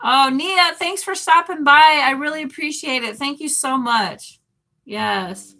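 Her high-pitched, sharp voice moves at a measured pace as she reads viewer messages aloud during a casual livestream. The host laughs a lot while chatting.

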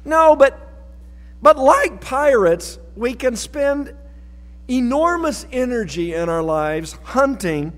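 High-voiced, slow-speaking male pastor. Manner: folksy, conversational preaching with light humor. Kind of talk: sermon. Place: church sanctuary. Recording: reverberant church sanctuary.

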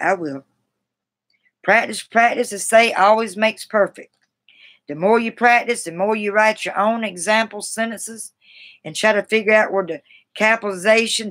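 A woman's voice: medium pitch, fairly bright tone. A woman on a live stream reading aloud from a grammar book, stumbling over and restarting words, with chatty asides to her viewers. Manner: halting, restarts words, self-deprecating and chatty.

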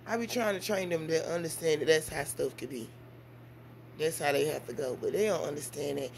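Mom vlogger, woman, talks straight to camera in loose, animated storytelling. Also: fairly quick, gravelly, slight background noise. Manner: animated storytelling with big swings in pitch and volume. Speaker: mother and vlogger. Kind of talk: casual vlog chat.

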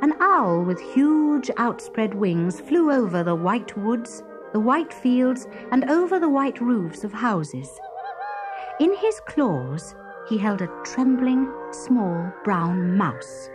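A woman narrating a children's story in a gentle, expressive storybook manner. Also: on the high side, slow. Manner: gentle, expressive read-aloud. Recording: music bed behind.

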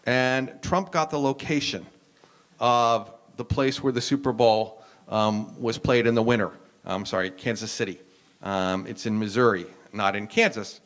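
A man's voice: lowish voice, steady tone, a little slow, a bit bright. American man lecturing with "um"s. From United States. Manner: explanatory, frequent "um" and restarts. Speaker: university professor, panelist. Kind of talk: lecture-style discussion.

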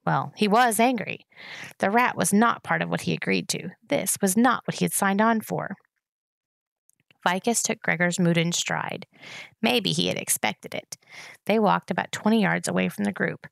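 Female audiobook reader, steady storytelling, heavy vocal fry, mid pitch. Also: normal speed, no room sound. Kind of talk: reading a novel aloud.

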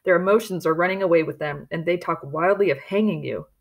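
A woman's voice: lowish voice, fast talker. A woman reading the lines of an indignant male pioneer traveler, heated and outspoken. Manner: heated, exclaiming.

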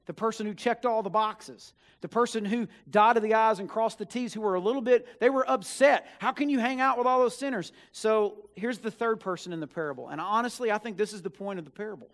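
High-voiced young male preacher, earnest and pleading. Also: fairly quick, few pauses. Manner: earnest, pleading, swings between loud emphasis and hushed asides. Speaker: student minister. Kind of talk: sermon. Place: church sanctuary.

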